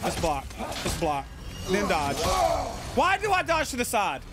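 High-voiced man cursing through gameplay. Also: huge pitch swings, a little slow, loud music behind the voice. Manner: frustrated, cursing, yelling at the screen. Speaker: gaming channel host. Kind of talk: profane live gameplay commentary. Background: loud game soundtrack.

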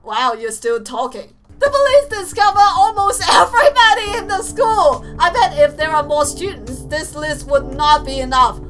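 Very high, excitable woman gamer. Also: normal speed, hardly any pauses, over music. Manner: excitable, gleeful, shouting and playfully menacing. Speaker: gaming streamer. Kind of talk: let's play commentary.

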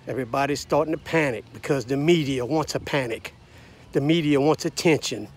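A man's voice: medium pitch, a little fast. A man in his sixties or seventies from the United States, delivering a blunt, combative, preachy rant straight to camera. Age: 60s to 70s. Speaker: vlogger. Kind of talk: ranting monologue to camera.

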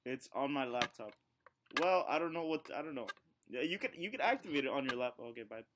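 A man's voice: mid-range voice, animated, fast talker, a bit bright, slight background noise. A man heard through a computer mic on video chat, hosting a prank. He talks in a playful, mock-threatening way, jokey and teasing. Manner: playful, mock-menacing, joking.

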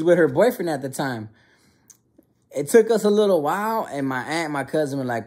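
A young man telling a funny childhood story in an animated, slangy way. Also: fairly high pitch, brisk. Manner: animated, slangy, many restarts. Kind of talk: casual storytelling.

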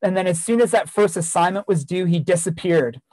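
A man's voice: sits high, fairly quick, a little mellow, no room sound, poor audio. A man giving a keynote talk, earnestly telling a story from his years as a teacher, with repeated phrases for emphasis. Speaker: keynote speaker, former teacher.

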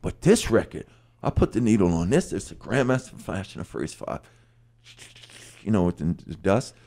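A middle-aged man telling a story on a podcast, animated, acting out lyrics and voices as he goes. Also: deep voice, moderate pace, gravelly. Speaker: guest storyteller.

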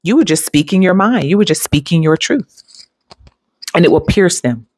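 A woman's voice: on the low side, animated, moderate pace, darkish tone, no room sound. Emphatic woman preaching spiritual motivation. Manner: emphatic and preachy, talks straight to viewers as honey and y'all; laughs easily between points. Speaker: spiritual self-help host.

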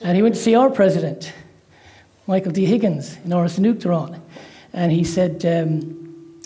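A man's voice: sits high, normal speed, long pauses. A man with an Irish accent, preaching a sermon that opens with prayer, a joke and frequent amens. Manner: warm-hearted, with frequent amens and praise interjections.

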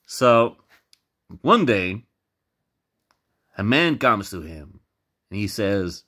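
A man telling a funny tale in a slow, rambling way, cursing freely and stumbling over repeated words. His low, bright voice swings up and down with feeling. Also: big pitch swings. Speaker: storyteller. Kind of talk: casual comic storytelling.

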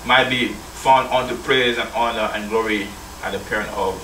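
On the low side and fairly even in intonation, this man's voice is bright and forceful at normal speed. He is a church elder preaching, reading scripture, calling his listeners brethren, and prompting call-and-response. Slight background noise accompanies the roomy, distant recording.

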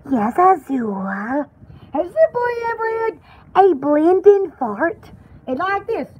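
A woman's voice: very high voice, slow pace, highs cut off, slight background noise, full character voice. A woman voicing a chattering, pampered female poodle who hosts a parody home-shopping show, rambling and squealing in a comic pet voice-over. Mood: excited. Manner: squealing, rambling, easily excited.

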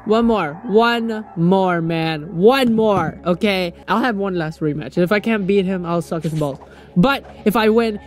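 A young man giving let's play commentary on a mobile fighting game, crude and joking, with loud excitable outbursts. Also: sits high, normal speed, faint music behind. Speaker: gaming YouTuber.

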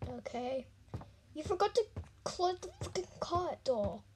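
A young woman casually reacting out loud to a horror game, jumpy and squealing when startled, muttering asides in between. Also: high-pitched, sing-song, a little slow. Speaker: gaming channel host. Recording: noisy home recording.

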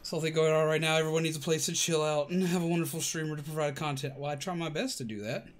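A man's voice: a little high, fairly even intonation, fast talker. A man streaming a game, chatting playfully, talking to enemies and making sing-song noises. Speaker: gaming streamer. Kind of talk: casual gameplay commentary. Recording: game music behind the voice.

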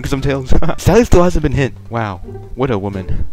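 A young man giving casual, profane, joking commentary while playing a game online, rambling and bursting into loud excitement. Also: mid-range voice, a little fast, music in the background. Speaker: gaming video creator.

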